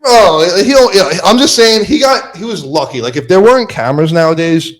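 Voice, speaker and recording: Young male podcast host, slightly high voice, lively storyteller who shouts out quotes. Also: a little fast. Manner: animated storytelling, acts out quotes loudly. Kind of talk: casual chat.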